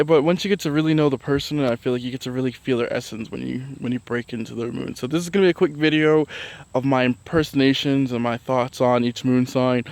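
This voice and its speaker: A chatty male vlogger talks through his thoughts in a loose, rambling way, full of fillers and false starts. He laughs easily between points. His voice sits at a middling pitch and is recorded dry, with no room sound around it. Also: gravelly, darkish tone, no echo. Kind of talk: casual astrology chat.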